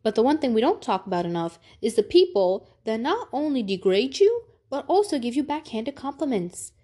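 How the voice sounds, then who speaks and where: A young adult woman giving Islamic life advice in a casual motivational talk to camera, earnest and candid, slangy, with sudden animated bursts. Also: a little high, moderate pace.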